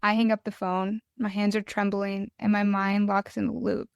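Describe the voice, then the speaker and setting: A woman reads her own poem in a smooth, clear voice that stays flat and restrained, her delivery halting and tearful. The sound is dry and close, with no room around it. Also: medium pitch, no echo, dull audio. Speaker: podcast guest, mental health advocate. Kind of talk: reading her own poem aloud, then conversational interview.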